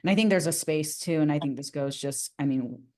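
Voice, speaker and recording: A woman's voice: low voice, brisk, darkish tone. A woman co-hosting a podcast, speaking openly and emphatically about her personal experiences in a casual conversation. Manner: open, candid, emphatic. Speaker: podcast co-host.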